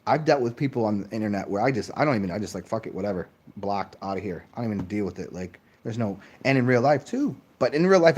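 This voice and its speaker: A man ranting in a casual monologue, swearing freely and mocking others in exaggerated voices. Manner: profane, animated, mimics others in high mocking voices. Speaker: channel host.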